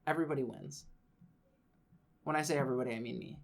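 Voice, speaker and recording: A man's voice: medium pitch, fast talker, gravelly, a little hiss or hum. A man co-hosting a casual chat with a friend. He tells anecdotes at an easy, laid-back pace, with dry, wry humor and quoted back-and-forth. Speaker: podcast co-host.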